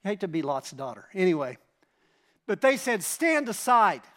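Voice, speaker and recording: A man's voice: on the high side, sing-song, fairly quick. A pastor preaching a sermon, emphatic and dramatic as he retells scripture and asks the congregation rhetorical questions.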